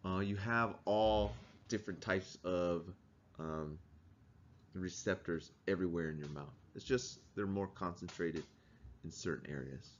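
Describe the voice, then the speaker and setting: A man with a fairly low voice gives a conversational classroom lecture and keeps asking the students questions. The recording sounds dull and lo-fi, with a faint hiss behind him. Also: a little slow. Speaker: teacher.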